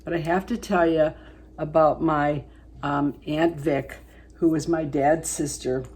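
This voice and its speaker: A woman in her seventies chatting casually through a makeup tutorial, rambling into family stories and then going soft when she works on her eyes. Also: low-pitched, fairly even intonation, slow, breathy edge. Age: 70s. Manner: chatty storyteller, rambling with fillers, dropping to soft asides while applying makeup. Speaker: beauty vlogger.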